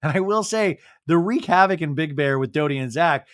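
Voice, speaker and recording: Animated, sarcastic man hosting a podcast. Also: a little high, fairly quick, no room sound, studio quality. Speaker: podcast host. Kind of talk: casual reality TV recap.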